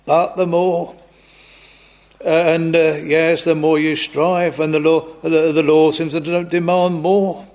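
Male preacher, slow and hesitant, monotone sermon delivery in a chapel. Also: on the high side. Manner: slow, halting, many ums and restarts, old-fashioned biblical wording.

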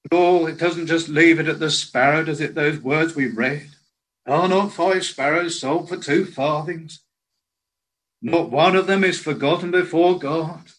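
Slow, earnest male preacher. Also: on the high side, a bit bright, low-quality recording. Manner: slow, earnest preaching with old biblical phrasing. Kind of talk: sermon.

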